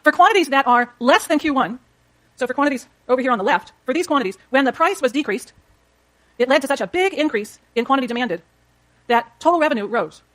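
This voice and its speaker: A middle-aged woman lecturing on economics at a very quick clip. Her voice sits a little high, and she walks the class through each graph as she draws it. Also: animated. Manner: brisk, explains while drawing graphs, talks to students.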